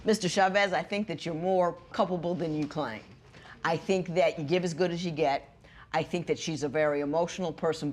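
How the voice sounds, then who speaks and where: A woman presiding as a judge on a courtroom TV show, lecturing emphatically and swinging from loud to hushed. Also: low voice.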